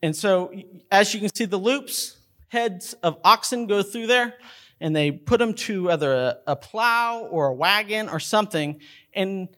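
Man, pastor, middle-aged, sermon, lively storytelling, fairly high voice. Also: unhurried. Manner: storytelling, acts out movie characters in a high voice. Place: church sanctuary.

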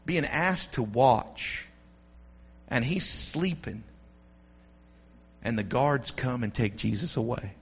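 A man preaching a sermon, telling the story with animated swings between loud and hushed delivery, on a dull lo-fi recording. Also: mid-range voice, slow pace, long pauses, husky.

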